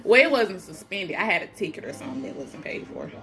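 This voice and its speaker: A woman's voice: medium pitch, big pitch swings, fast talker, over music. A pregnant woman telling her own story in casual talk. She is blunt and defiant, swears freely, and acts out other people's lines in shifted voices. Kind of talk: casual first-person storytelling.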